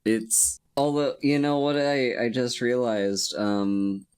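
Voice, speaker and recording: A man's voice: mid-range voice, steady tone, slow, a little mellow, smooth. A man co-hosting a casual film podcast, with dry humor, thinking aloud as he talks. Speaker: podcast co-host. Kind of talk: casual comedic film discussion.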